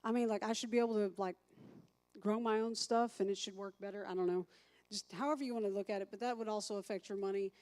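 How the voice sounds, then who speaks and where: A woman's voice: medium pitch, fairly even intonation, fast, a little mellow. A woman teaching a recovery class as a sponsor, chatty, thinking aloud and asking the group questions.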